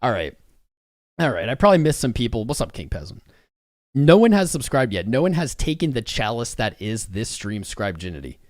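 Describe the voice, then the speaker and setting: A man's voice: mid-range voice, dry recording, clean studio sound. A man hosting a live stream, chatting casually with viewers in a rambling, frank, joking way. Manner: rambling, talks to chat viewers.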